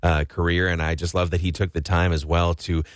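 Very deep-voiced, halting radio co-host. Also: male voice, level tone, no room sound, studio quality. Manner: hesitant, halting, with many filler sounds. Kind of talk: casual radio chat.

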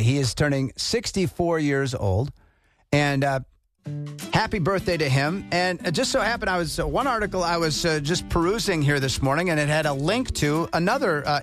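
A man's voice: fairly high pitch, a bit bright. A man hosting a morning radio show, upbeat and chatty.

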